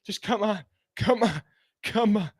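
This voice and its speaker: A man live-streaming a car race, giving excited, anxious fan play-by-play and pleading with the drivers, sounding out of breath. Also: high-pitched, a little slow, no room sound, studio quality.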